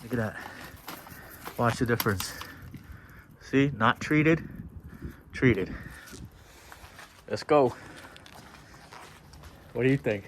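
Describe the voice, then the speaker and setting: A man chats to the camera about boat work at an easy, unhurried pace. He sounds keenly enthusiastic. A faint hum of outdoor noise sits behind him. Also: medium pitch. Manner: chatty and enthusiastic, talks straight to viewers. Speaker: boating vlogger. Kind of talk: casual on-camera commentary.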